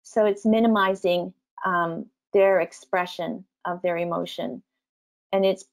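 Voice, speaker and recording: A woman teacher trainer giving an online talk to parents, gentle and explanatory, with frequent ums. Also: on the low side, fairly even intonation, measured pace.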